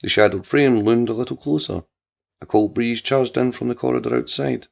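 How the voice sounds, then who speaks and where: A man narrating a crime drama story in a measured way. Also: mid-range voice, gravelly. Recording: dull lo-fi with faint music.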